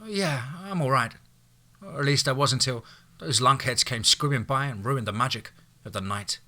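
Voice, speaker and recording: A man voicing a fiery young woman in an audiobook, with shrill, scolding shouts. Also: moderate pace. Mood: weary.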